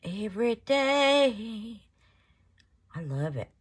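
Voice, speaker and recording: Slow-talking woman gushing over crafts. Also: fairly high pitch, very animated, slightly rough. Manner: gushing, affectionate, calls viewers baby and y'all. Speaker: resin crafting channel host. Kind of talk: casual crafting demo vlog.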